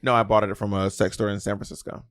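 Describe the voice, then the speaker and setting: A man's voice: lowish voice, little pitch movement, fast, no echo, clean studio sound. A young man co-hosting a podcast, talking in a teasing, bantering way. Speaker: podcast co-host. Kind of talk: casual chat.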